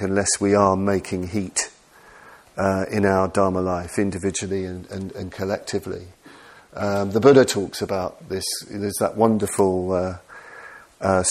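Guy, lowish voice, giving a buddhist dharma talk, earnest, keeps restarting his sentences. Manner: earnest, self-deprecating, many restarts. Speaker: Buddhist teacher.

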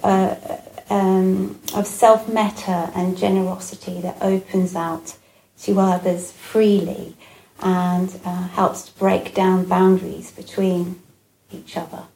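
A woman giving a Buddhist dharma talk, gentle and reflective, with frequent pauses and fillers. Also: on the low side, level tone, vocal fry. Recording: echoey room with faint ambience.

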